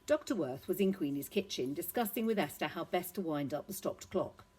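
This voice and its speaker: A woman reading a children's novel aloud, steady and expressive. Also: on the low side, fairly quick, husky, low-quality recording. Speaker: reader.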